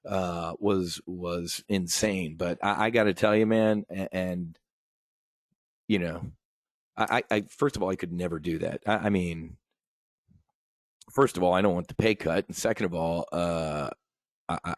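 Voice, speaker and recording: Male host, low-pitched, dry recording; blunt, profane, fired-up talker addressing "folks.". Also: no room sound. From United States. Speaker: podcast host. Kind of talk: casual political rant.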